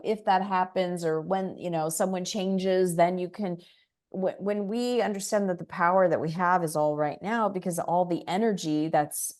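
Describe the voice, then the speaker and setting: Animated storytelling woman, lower voice. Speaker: guest, spiritual teacher. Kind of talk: casual interview chat.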